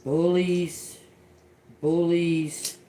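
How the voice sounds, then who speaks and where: This middle-aged tarot reader is doing a live reading on a stream, loose and foul-mouthed, blurting out single words as they occur to her and giggling a lot. She sounds mellow and on the low side, drawing out her words with little movement in pitch.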